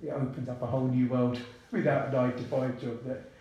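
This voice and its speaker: A man, talking casually as a podcast guest in a relaxed, chatty way with many asides. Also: mid-range voice, brisk, dull audio. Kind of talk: casual interview talk. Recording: very echoey room.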